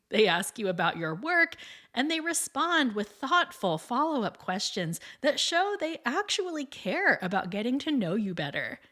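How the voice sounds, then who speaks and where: A woman's voice: a little high, very animated, unhurried, bright, forceful tone. A woman hosting her own podcast in a scripted monologue, chatty and upbeat, with frequent light laughs. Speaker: podcast host and piano teacher.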